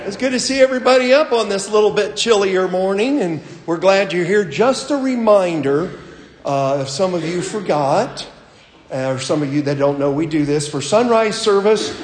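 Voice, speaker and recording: Easygoing pastor in a roomy, reverberant hall. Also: male voice, a little high. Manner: relaxed and chatty, with many fillers. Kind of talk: leading a sunrise church service. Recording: roomy, long reverb, hymn music behind.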